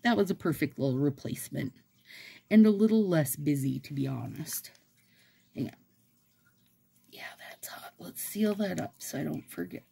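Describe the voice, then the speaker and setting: A woman's voice: deep voice, expressive, normal speed, creaky, pauses often, warm tone, husky. A woman vlogger chatting casually and rambling while she does her nails. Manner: rambling, chatty, laughs often. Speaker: nail and manicure vlogger. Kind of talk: casual chat while doing a manicure.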